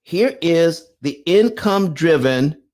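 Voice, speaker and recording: Middle-aged male livestream host, lively preacher-like delivery, voice sits a bit high, swings widely in pitch. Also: slow pace. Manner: animated and preacher-like, calls for amens. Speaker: livestream host answering viewer comments. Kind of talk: live-streamed explainer with viewer chat.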